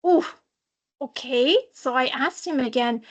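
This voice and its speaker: Woman, high voice, prepared story-driven talk over a video call, dramatic and playful. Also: a little slow, a bit bright, lo-fi sound. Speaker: social compliance auditor. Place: online webinar.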